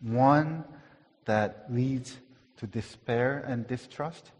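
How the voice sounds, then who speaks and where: A man preaching a sermon at an unhurried pace, earnest and repeating words for emphasis. His voice swells on key phrases and then falls quiet. A long reverb trails behind him as in a church hall. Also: medium pitch. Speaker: pastor.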